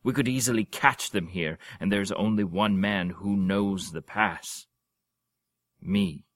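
A man's voice: low-pitched, slow. A man doing a roaring old warrior duke. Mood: serious. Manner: roaring, blunt. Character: gruff old burly duke, blustering warrior.

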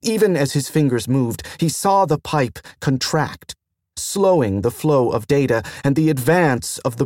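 A man reads a science fiction novel aloud with a measured, even delivery. He takes his time over each phrase, at a slow pace. The recording is dry and close, with no room sound. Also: mid-range voice, dry recording. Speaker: audiobook narrator. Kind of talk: scripted narration.

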